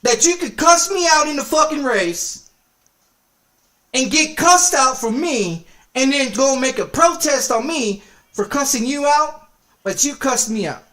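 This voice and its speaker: A man's voice: extremely high pitch, lively intonation, a little slow, a bit bright. A man streaming games, delivering an angry, profane rant full of repeated insults and threats. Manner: heated, repetitive cursing, threatening. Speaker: game streamer.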